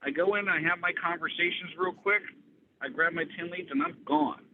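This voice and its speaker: A man coaching on a group call, talking in an animated, conversational way. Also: on the high side, normal speed. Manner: animated, conversational, acts out dialogue. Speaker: business coach. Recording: tinny phone-like line, faint hiss.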